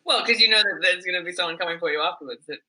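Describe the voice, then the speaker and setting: A woman's voice: fairly low pitch, racing, pushed and bright, a little hiss or hum, rough recording. An Australian woman, an actor guest on a video-call panel, chatting and laughing easily. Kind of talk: casual panel chat.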